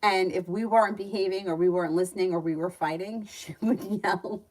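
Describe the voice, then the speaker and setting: A woman's voice: fairly low pitch, fairly even intonation, quick pace, darkish tone, poor audio. A woman giving tarot readings on a livestream. She reads out viewers' questions and answers them in a chatty way, laughing easily between readings. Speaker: tarot reader.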